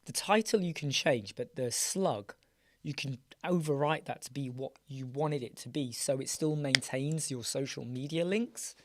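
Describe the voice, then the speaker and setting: Croaky chatty British man hosting. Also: medium pitch, moderate pace. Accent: British English. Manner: chatty, answers viewers by name. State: croaky, slightly weak voice. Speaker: live chat show host. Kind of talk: casual live chat, reading out viewer questions. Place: small dark soundproofed room.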